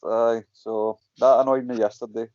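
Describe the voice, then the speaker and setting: A Scottish man in a relaxed chat tells stories with animated energy, swearing freely and acting out his own and other people's lines. His voice sits at a middle pitch and sounds dry and close. The call audio is dull and lo-fi. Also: moderate pace, dry recording. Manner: animated storytelling, frequent swearing, acts out quotes. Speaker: guest, MMA fighter. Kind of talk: casual chat.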